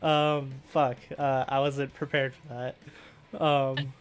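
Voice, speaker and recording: A man's voice: medium pitch, flat delivery, clean tone. A man narrating as game master of a tabletop game, filling his speech with hesitations. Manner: halting, full of fillers.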